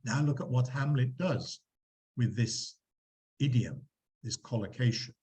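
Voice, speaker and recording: A man lecturing a university class, explaining examples with animated emphasis and quizzing students. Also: medium pitch, unhurried, poor audio. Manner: lively, quizzing students, acting out quotes.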